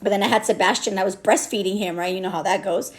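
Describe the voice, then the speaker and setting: A woman's voice: medium pitch, fairly even intonation, fast talker. A woman in her thirties, a business owner and mother, talking candidly and a bit rambling in a personal vlog, with lots of restarts. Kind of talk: emotional personal vlog talk.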